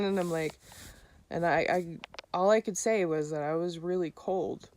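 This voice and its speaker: Halting woman telling a hunting story. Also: low voice, a little mellow. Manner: halting, with many fillers and restarts; re-enacts other people's lines in a raised voice. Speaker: hunter telling her story. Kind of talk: casual spoken storytelling.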